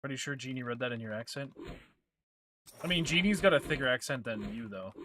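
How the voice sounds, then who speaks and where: A man's voice: mid-range voice, normal speed, pauses often, fairly bright tone, slight background noise. A man streaming a game, chatting casually and trading crude, joking banter with his chat.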